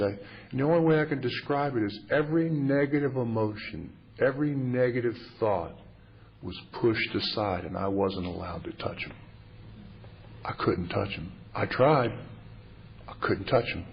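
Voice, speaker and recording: A man's voice: medium pitch, normal speed. A man in his fifties giving a humorous, confessional recovery talk, wry and self-mocking. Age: 50s. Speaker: recovery meeting speaker. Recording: muffled lo-fi tape with faint hiss.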